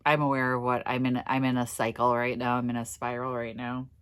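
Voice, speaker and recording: A woman's voice: a bass voice, flat delivery, a little fast, clear, resonant tone. A middle-aged woman from Minnesota talking casually to her vlog viewers, emotional and tearful, laughing through it. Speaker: vlogger.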